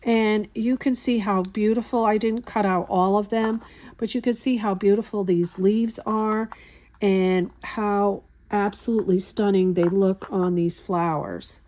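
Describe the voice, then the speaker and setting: A woman hosting a craft tutorial, calmly explaining each step in a relaxed, chatty way as she works. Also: medium pitch, unhurried. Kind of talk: hands-on craft demonstration.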